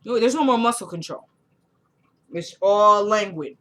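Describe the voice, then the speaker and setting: Acting out characters' dialogue as she goes, a woman reviews a TV episode in a relaxed, animated, colloquial retelling. Her voice is mid-range, and she talks a little slowly.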